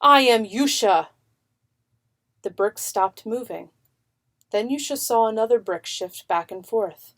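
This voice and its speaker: Slow, expressive woman reading a children's book. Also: medium pitch. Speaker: narrator.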